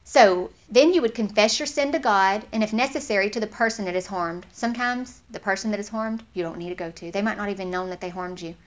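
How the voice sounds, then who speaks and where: A woman giving an informal Bible teaching in an earnest, conversational way, getting animated when she acts out what others say. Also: mid-range voice, quick pace, few pauses. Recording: slightly dull lo-fi recording.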